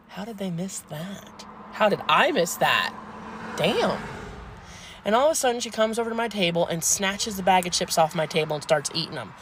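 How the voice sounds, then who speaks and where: Woman home health aide, comic storyteller, animated, blunt, lowish voice. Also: slight background noise.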